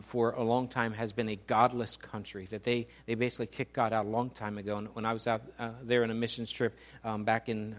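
A middle-aged male pastor giving a conversational sermon, often restarting his sentences and poking fun at himself. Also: mid-range voice. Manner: conversational, self-deprecating preaching with many restarts.

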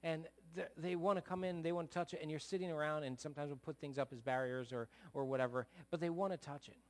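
A middle-aged male pastor preaching a sermon, earnest, swinging between loud bursts and soft, low asides. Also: fairly even intonation, quick pace.

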